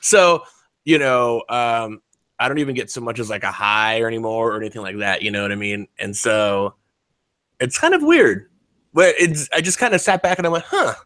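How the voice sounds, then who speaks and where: A man in his forties rambles through a casual chat, swearing freely and restarting his sentences. His voice is bright and forceful, set at a middle pitch. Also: lively intonation, moderate pace, no room sound. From United States. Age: 40s. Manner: rambling, profane, many fillers and restarts.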